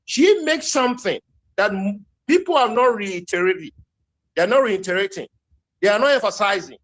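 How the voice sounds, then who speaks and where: A man's voice: high-pitched, expressive, normal speed, a bit bright. A man with a Nigerian accent, speaking heatedly and repeating points in a live social media audio chat. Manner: heated, emphatic, repeats himself.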